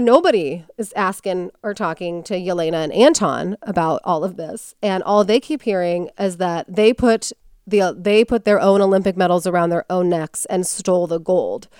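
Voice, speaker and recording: A woman's voice: fairly low pitch, darkish tone, clean tone, no room sound, studio quality. A woman hosting a podcast, telling a story in casual chat and acting out quotes in character voices.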